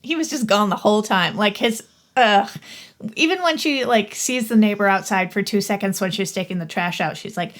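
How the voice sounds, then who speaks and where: A woman's voice: medium pitch, moderate pace. Laughing, enthusiastic woman reviewing films. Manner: enthusiastic, laughs easily, swears. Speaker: podcast co-host. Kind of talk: casual movie review chat.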